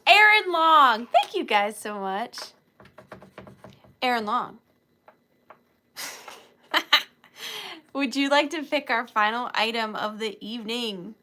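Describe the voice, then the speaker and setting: A woman's voice: mid-range voice, a bit bright, slight background noise. A woman hosting a live online sale, chatting casually with viewers in a giggly, joking way. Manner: chatty and giggly, jokey asides.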